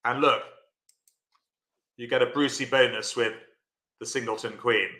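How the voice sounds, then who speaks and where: Bright-voiced man teaching bridge. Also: medium pitch, fairly even intonation, measured pace, roomy sound. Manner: chatty, encouraging, answers viewers by name. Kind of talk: live-streamed bridge lesson.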